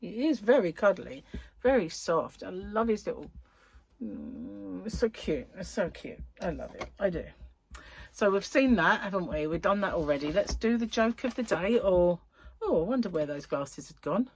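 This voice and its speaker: A woman's voice: medium pitch, big pitch swings, moderate pace, gravelly, a little hiss or hum. A woman hosting a crochet vlog, chatting in a rambling, giggly way. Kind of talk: casual chat.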